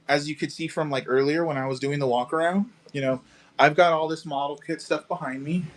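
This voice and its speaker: A man hosting a casual live stream from a car shop garage, selling model kits and chatting with viewers, relaxed and chatty, swearing now and then. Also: fairly high pitch, brisk. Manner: laid-back, chatty, swears casually, calls viewers dude and bro.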